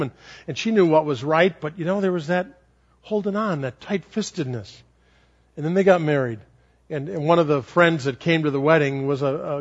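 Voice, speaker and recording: A man preaching a sermon, telling stories in an animated way and repeating words for effect. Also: fairly high pitch. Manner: animated, repetitive. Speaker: pastor. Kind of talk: sermon storytelling. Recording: lo-fi sermon recording.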